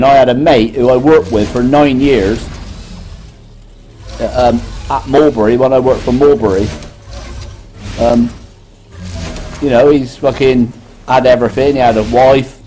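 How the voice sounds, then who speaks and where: A man's voice: medium pitch, warm tone, rough recording. A British man in casual chat, telling a story bluntly. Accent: British English.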